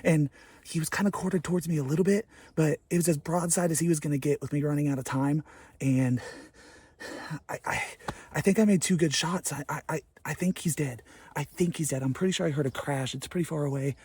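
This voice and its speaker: A man recording a hunting vlog outdoors from a blind, talking in an excited, breathless way and often repeating himself. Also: fairly high pitch, fairly quick, slightly rough, no echo. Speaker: hunting vlogger.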